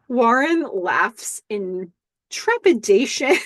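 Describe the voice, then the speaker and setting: A woman hosting a podcast, recapping a TV episode in a casual, animated way and reading the characters' lines aloud in playful voices. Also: mid-range voice, moderate pace, no room sound, studio quality.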